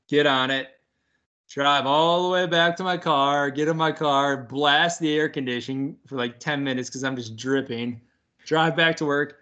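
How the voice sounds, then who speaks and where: A man's voice: a little high, normal speed, bright, forceful tone. A young man animatedly telling a story in casual chat, swearing often and laughing through it.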